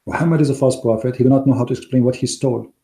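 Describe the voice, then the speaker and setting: Hoarse, emphatic man with a dark voice. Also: mid-range voice, fairly even intonation, very fast. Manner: emphatic, scornful, non-native grammar. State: hoarse, losing his voice. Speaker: online Christian debater. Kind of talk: polemical talk to a live audience.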